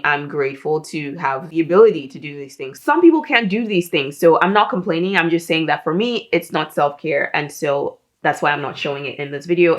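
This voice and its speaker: Woman, 30s, low voice; friendly fitness host, casual and instructive to camera. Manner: chatty, self-deprecating, instructive.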